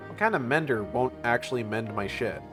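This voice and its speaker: A man streams a video game, cracking jokes and getting excited between lines of dialogue. He swears casually. His pitch sits mid-range, with faint game music underneath. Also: a little fast. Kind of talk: let's-play commentary.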